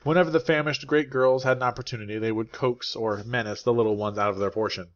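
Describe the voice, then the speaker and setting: A man reads a classic novel aloud as an audiobook narrator, with a steady, clear and unhurried delivery. His voice sits at a middle pitch. The recording sounds slightly muffled and lo-fi. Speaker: English teacher reading a novel aloud.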